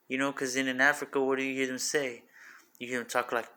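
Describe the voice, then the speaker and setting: A man teaching in a casual, unscripted way, his voice bright and edged, with his pitch staying fairly level. He rambles and leans on fillers. He repeats each word several times as he sounds it out. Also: level tone, fast talker, clean tone. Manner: loose and rambling, repeats words to sound them out; filler-heavy, says like and you know often. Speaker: religious teacher.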